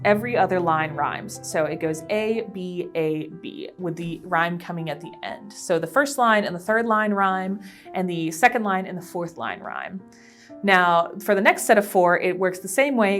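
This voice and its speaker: A woman presenting a library teen craft tutorial, explaining each step in a friendly, casual way. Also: lowish voice. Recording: soft background piano music.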